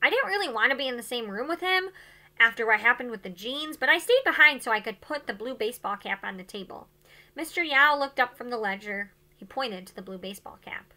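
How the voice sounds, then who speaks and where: Rich: A woman teacher reading a novel aloud to her class. Her voice is high, very bright, and swings widely in pitch, and her delivery is expressive and dramatic. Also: brisk.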